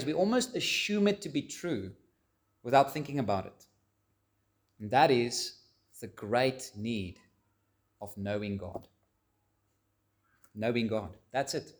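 A man preaching a sermon in an earnest way, leaning on key words with slow drawn-out stresses and rising emphasis. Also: on the high side. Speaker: pastor.

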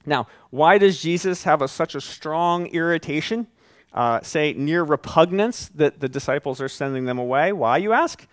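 A man preaching a sermon as pastor, conversational and animated, with folksy asides. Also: fairly high pitch, moderate pace, dry recording, clean studio sound.

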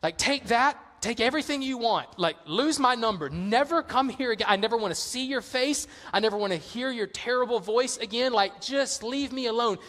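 A man's voice: very high-pitched, normal speed, few pauses, a bit bright, in a large hall, voice pushed up. A man voicing an uncaring judge who is fed up and dismissive. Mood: exasperated. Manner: exasperated, dismissive.

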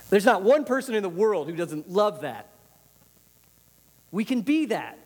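A man preaches a casual, conversational sermon, leaning on repeated phrases to drive points home. His voice sits a little high for a man. It rings out with the long reverb of a church hall. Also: sing-song, moderate pace. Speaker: pastor.

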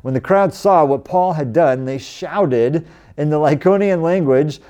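Here a fortysomething American man preaches as a pastor, keeping things conversational but lifting his voice for emphasis on scripture quotations. He speaks at a measured pace, with a warm tone and a fairly high voice.

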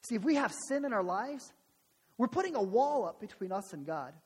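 A man's voice: high voice, very animated, a little fast, darkish tone, slightly rough, big-room sound. A man preaching a sermon, earnest, with rhetorical questions and repeated phrases. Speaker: pastor.

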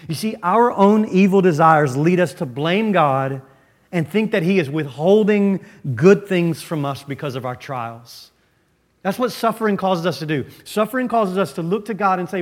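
Emphatic male preacher, slightly high. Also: expressive. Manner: emphatic preaching with dramatic pauses and drops to near-whisper. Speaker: pastor. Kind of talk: sermon. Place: church.

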